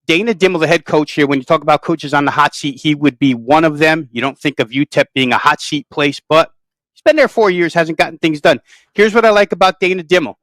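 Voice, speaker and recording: A man's voice: fairly high pitch, fairly bright tone, no echo, low-quality recording. A man breaking down games as a sports betting handicapper, thorough and detailed in his analysis. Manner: thorough, detailed, long-winded.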